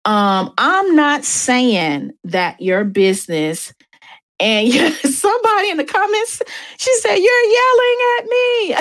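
A woman's voice: mid-range voice, dry recording. A woman hosting a show, talking candidly and emphatically about faith and dating, speaking straight to her listeners. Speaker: host.

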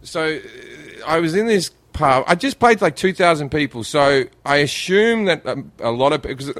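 A man from Australia spins loose, rambling stories with plenty of laughter and false starts. His pitch sits a little high and swings widely as he talks. The sound is close and dry. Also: expressive, moderate pace, a bit bright, no room sound. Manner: rambling, laughing anecdotes with restarts. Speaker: comedian guest. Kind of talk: casual storytelling chat.

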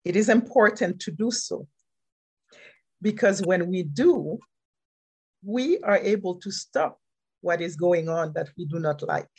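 A woman telling a personal story on a podcast, animated and laughing often, repeating key phrases for emphasis. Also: lowish voice, unhurried, pauses often, husky. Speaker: podcast speaker and life coach.

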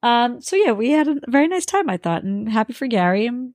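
A woman co-hosting a podcast, telling stories in a relaxed, casual way. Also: a little high, fairly quick, no room sound, studio quality. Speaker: podcast co-host. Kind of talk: casual chat.

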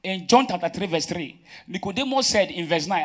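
A man preaches to his church. He fires questions for the congregation to answer and swings between loud emphatic bursts and quiet asides. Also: high voice, expressive, fairly quick. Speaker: pastor. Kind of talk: sermon.

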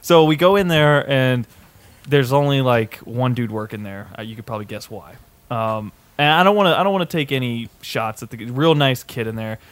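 Give me a young man on a podcast, telling an animated, profane story and acting out the other person's lines. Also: mid-range voice, brisk, dry recording. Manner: animated, swearing, acts out both sides of a store argument. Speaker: podcast host. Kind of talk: casual storytelling chat.

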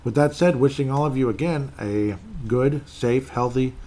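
A man's voice: mid-range voice, moderate pace, mellow. A man hosting his own podcast solo, talking in a rambling, conversational way that circles back and repeats itself. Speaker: podcast host. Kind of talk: casual solo podcast talk.

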